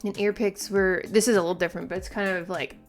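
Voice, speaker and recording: A woman's voice: medium pitch, steady tone, fast, soft background music. A woman hosting a manga reaction video in casual commentary, talking emphatically and exasperatedly, with lots of "like" fillers and some swearing.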